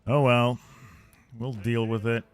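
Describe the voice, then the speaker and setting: A man hosting a strategy-game video, talking casually, clearing his throat often, and muttering and repeating himself in a self-deprecating way. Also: mid-range voice, steady tone, slow, no room sound, soft background music. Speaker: gaming video host.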